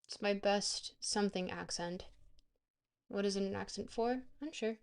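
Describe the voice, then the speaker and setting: A woman streamer in loose, casual chat mode. She rambles, cracks jokes and talks straight to her viewers at a middle pitch. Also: normal speed, gravelly. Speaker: livestream host.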